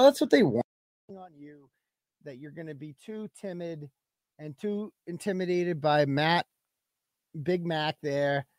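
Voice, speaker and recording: A man's voice: on the high side, darkish tone, no room sound, clean studio sound. A man hosting a live web show, ranting in a brash, profane and combative way and reading out viewer donations. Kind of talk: casual livestream rant.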